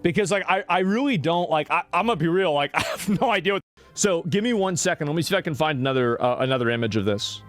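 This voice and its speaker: A high-pitched male streamer hedges and rambles, leaning on filler words as he reacts to footage. Faint music plays under his voice. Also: expressive, quick pace, a bit bright. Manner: hesitant, rambling, full of "like". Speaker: streamer in a played clip. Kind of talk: casual reaction commentary.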